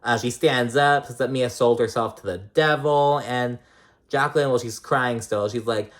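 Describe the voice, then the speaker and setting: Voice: mid-range voice, fairly even intonation, measured pace. Rambling, foul-mouthed recap vlogger. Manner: rambling, swears often, lots of "like" and "um". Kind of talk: casual recap commentary.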